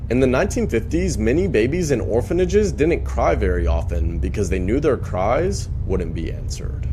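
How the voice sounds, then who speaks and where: A man's voice: lowish voice, a little mellow. A man reading out a list of grim facts as scripted narration, with a dramatic delivery.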